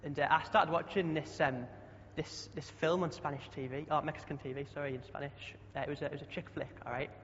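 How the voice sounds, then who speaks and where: Chatty young preacher, higher voice. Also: male voice, fairly even intonation, a little fast, hardly any pauses, fairly bright tone, slight background noise. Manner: chatty, asks the congregation questions. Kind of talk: sermon. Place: church hall. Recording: dull sound with long hall echo.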